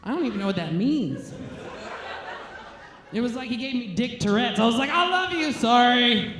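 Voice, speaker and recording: A woman's voice: fairly high pitch, lively intonation, brisk, background noise. Woman comic, frank and filthy, laughing at herself, recorded in an echoey club. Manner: crude, blunt and self-mocking; laughs between lines. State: nursing a baby on stage. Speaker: stand-up comic. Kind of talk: stand-up set. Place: comedy stage, roomy venue. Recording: roomy live venue recording.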